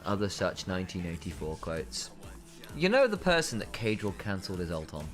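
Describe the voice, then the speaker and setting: A man from England jokes through casual stream banter in a low voice that swings widely in pitch. Faint music plays in the background. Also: big pitch swings, brisk, a bit bright. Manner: playful, joking banter. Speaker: esports co-commentator. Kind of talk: casual chat during a stream break.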